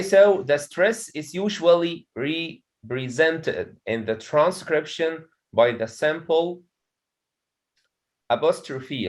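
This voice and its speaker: A man's voice: a little high, rough recording. A man with an Egyptian accent teaching an English pronunciation lesson in a classroom, often saying "okay" and checking that students follow.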